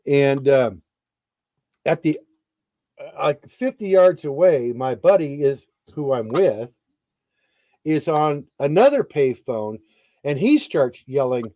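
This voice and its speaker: A middle-aged man and Army veteran telling a story in a casual interview, animated and swearing freely. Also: a little high, slow, long pauses, dry recording.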